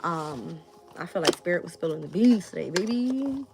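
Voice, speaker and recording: A woman's voice: lowish voice, expressive, moderate pace, background noise. A young adult woman, reading tarot on a live stream, blunt and swearing casually. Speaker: tarot reader.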